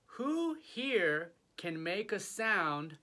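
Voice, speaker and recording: A man's voice: high-pitched, sing-song, very slow, sharp tone. A man teaching an early childhood music lesson, playfully inviting young children to join in with animal sounds and singing.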